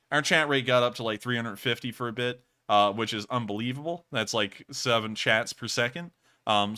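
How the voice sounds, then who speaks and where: A man's voice: lowish voice, sharp tone, smooth. A man from Alabama, co-hosting a casual livestream, reading out donations and thanking viewers at length, with a lot of repetition. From Alabama, USA. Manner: thankful, rambling, repeats thanks often. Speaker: livestream co-host.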